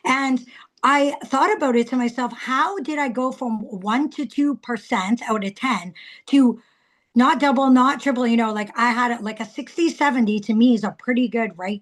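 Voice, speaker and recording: A woman in her thirties giving a casual, chatty sales training talk, telling stories with lively acted-out quotes. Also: on the high side, moderate pace.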